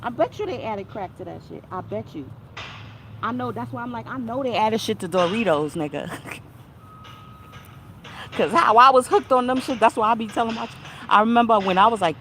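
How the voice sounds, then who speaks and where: A woman vlogs casually from inside her car, loose and unhurried in her delivery. She laughs often and drops slang and curse words freely. A faint vehicle hum sits behind her voice. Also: a little high, lively intonation, fairly bright tone. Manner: laid-back, laughing, slangy and profane. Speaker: vlogger. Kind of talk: casual chat.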